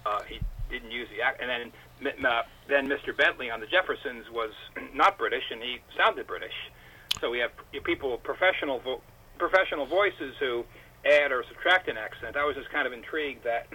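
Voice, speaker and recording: A man's voice: medium pitch, brisk, pushed and bright, slightly rough. Chatty man calling in over a phone line. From New York. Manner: wordy, chatty, dry teasing. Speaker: caller. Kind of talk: radio call-in chat. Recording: phone line with faint noise.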